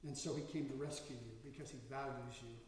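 A man's voice: medium pitch, fairly even intonation, fast talker, a little mellow, slight background noise. A man as pastor, preaching a sermon in a church with storytelling that rises to emphatic bursts. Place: church sanctuary. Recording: echoey hall from far off.

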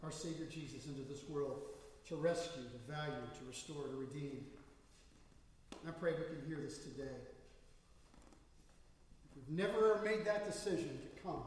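A man's voice: on the high side, moderate pace, long pauses, slight background noise. A man as pastor, preaching a sermon in a church with storytelling that rises to emphatic bursts. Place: church sanctuary. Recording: echoey hall from far off.

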